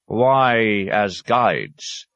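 A man voicing a clever male scholar who speaks in a courteous, measured, diplomatic way. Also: on the low side, animated, gravelly, fairly bright tone, no echo, pitched above the performer's own voice, heavily acted. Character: polite, clever male scholar, a traveling outsider.

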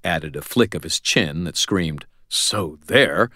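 A man's voice: extremely low pitch, unhurried, sharp tone, no echo. A man reading a first-person audiobook narration in a wry, dry storytelling manner.

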